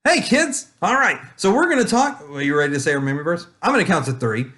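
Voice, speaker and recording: Man doing Julius, a gentle kids' puppet. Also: medium pitch, lively intonation, close to an everyday voice. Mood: cheerful. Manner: gentle, slow, focused, talks straight to kids. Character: calm, friendly male children's puppet.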